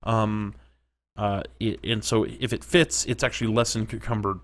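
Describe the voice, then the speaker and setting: A man's voice: lowish voice, level tone, a little slow, fairly bright tone. A man narrating his own game play, chatting and reacting aloud, at times dropping to a whisper. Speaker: gaming commentator. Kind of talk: let's play commentary.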